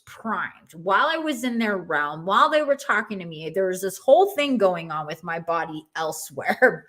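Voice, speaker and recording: Woman in her 40s telling her story on a podcast, casual and expressive, does the voices she heard louder and higher, middle pitch. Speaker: podcast guest. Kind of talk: personal storytelling.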